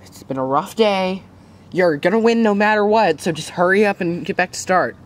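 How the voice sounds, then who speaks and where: A woman's voice: medium pitch, moderate pace, lightly acted. A woman voicing a bossy, weary master of a deadly game in a fan-made puppet drama, talking curtly and coldly. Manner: curt, cold and bossy.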